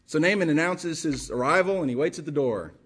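Male pastor, sermon delivery, husky tone, pitched a bit high, impassioned and repetitive for emphasis. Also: fairly quick, a bit bright. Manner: impassioned, rhetorical questions, repeats phrases for emphasis.

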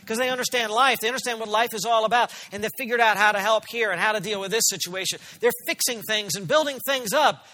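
A man's voice: high voice, fast talker, hardly any pauses, pushed and bright, long reverb tail. A man preaching a sermon as pastor, earnest and emphatic, often asking his listeners questions.

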